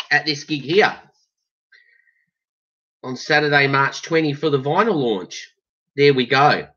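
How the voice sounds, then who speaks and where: A man's voice: mid-range voice, sharp tone, slightly rough. Jokey Australian man unboxing. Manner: jokey, exaggerated, slangy. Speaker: band member vlogger. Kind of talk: casual vlog unboxing. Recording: dull lo-fi sound.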